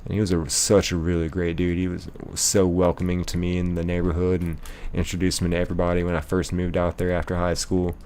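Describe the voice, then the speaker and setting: A man's voice: sits low, monotone, a little fast, hardly any pauses, darkish tone, slight background noise. A young man streaming live, casually reading chat messages aloud and rambling with lots of ums and likes.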